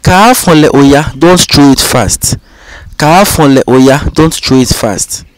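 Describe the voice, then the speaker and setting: A man, his voice sitting a little high, walks through a vocabulary drill at an unhurried pace. He says every word and its meaning twice, calm and patient. The sound is dry and close, with no room around it. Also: dry recording, rough recording. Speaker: language teacher. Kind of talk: slow, repetitive vocabulary drill.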